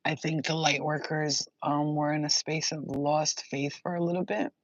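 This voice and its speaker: A woman's voice: low voice, level tone, moderate pace, no room sound. A young woman giving a casual intuitive reading, rambling and emotional, swearing and laughing often. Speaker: spiritual channeler. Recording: dull lo-fi dry sound.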